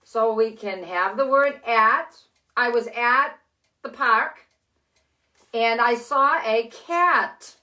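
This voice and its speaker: An older woman with six grandchildren, teaching letter sounds to children in a slow, cheerful, encouraging way from her living room. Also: fairly high pitch, sharp tone. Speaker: children's story host. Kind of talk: phonics lesson and read-aloud for children.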